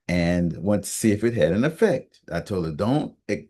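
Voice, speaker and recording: A man talking on the radio in a casual monologue, halting with many fillers and restarts. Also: deep voice, lively intonation, mellow. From United States. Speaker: radio talk host.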